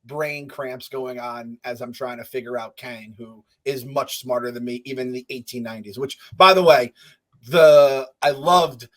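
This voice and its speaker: A man's voice: medium pitch, fairly even intonation, normal speed, a bit bright. A man co-hosting a podcast, chatting casually and teasingly about a show. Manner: playful, teasing. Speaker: podcast co-host. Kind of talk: casual pop-culture recap chat.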